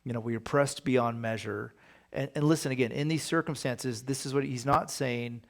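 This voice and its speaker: A man's voice: mid-range voice, fairly even intonation, moderate pace, vocal fry. A man, a pastor, teaching a Bible study in a casual, conversational way, often asking his listeners rhetorical questions.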